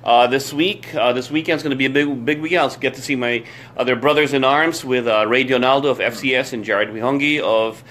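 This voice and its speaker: A man's voice: mid-range voice, steady tone, brisk, fairly bright tone. A man hosting a casual chat, enthusiastically explaining bladed tools in detail. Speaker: host. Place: Florida.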